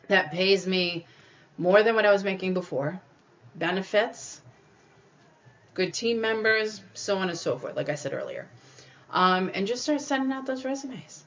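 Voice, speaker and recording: A woman's voice: medium pitch, expressive, normal speed, a bit bright, muffled recording. A woman hosting a podcast, giving encouraging spiritual self-help advice in a conversational way and acting out little quoted voices. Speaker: podcast host.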